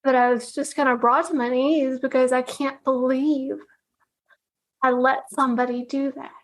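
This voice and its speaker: A woman's voice: high voice, little pitch movement, normal speed. A woman guest recounting a personal story with emotion, laughing often and acting out the conversations she had. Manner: tearful, laughs often, acts out dialogue. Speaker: guest, artist.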